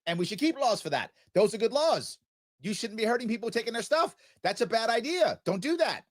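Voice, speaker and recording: A man hosting a talk radio show, arguing his point in an animated, sarcastic monologue. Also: very high voice, fairly quick, dry recording, studio quality. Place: radio studio.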